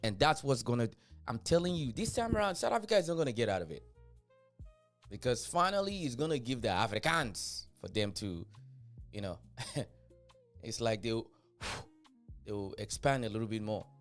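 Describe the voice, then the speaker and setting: A man's voice: medium pitch, moderate pace, long pauses, faint music behind. A man hosting a reaction video, talking casually and laughing in disbelief at clips. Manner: animated, laughing, incredulous.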